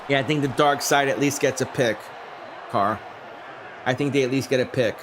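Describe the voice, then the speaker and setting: Against a noisy background, a man with a medium-pitched voice gives live-stream commentary on a simulated game at normal speed and with fairly even intonation. He springs up for big plays and chats easily with his audience.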